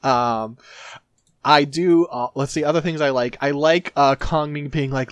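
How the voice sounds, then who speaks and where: A man's voice: a little high, fairly even intonation, measured pace, smooth, dry recording. Man casually chatting, dry close sound. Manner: rambling, paraphrases characters jokingly. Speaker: podcast co-host. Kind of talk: casual book-discussion chat.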